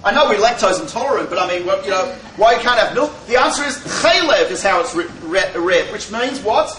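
Brief: high-pitched male Torah teacher, playful lecturer asking questions, echoey hall. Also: expressive, a little fast, fairly bright tone, far from the mic. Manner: joking, full of rhetorical questions. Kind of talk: lecture to a live audience.

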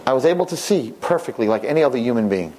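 A man's voice: mid-range voice, lively intonation, rapid-fire, dark tone, a little hiss or hum, natural voice, poor audio. A man voicing an old blind man in a nursing home who pleads and repeats himself insistently. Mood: tender, grateful.

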